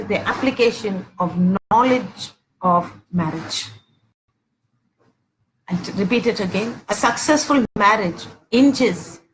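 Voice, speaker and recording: A woman in her forties gives a teaching sermon on Christian marriage, repeating her points, saying "okay" often, and acting out household arguments. Her voice is medium-pitched, and the rough recording has a little hiss or hum.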